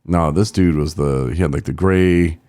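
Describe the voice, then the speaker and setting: A man's voice: very deep voice, normal speed, warm tone, clear, resonant tone, no room sound, studio quality. A man co-hosting a podcast in casual, rambling chat, joking and trailing off as he goes through a list. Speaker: podcast co-host.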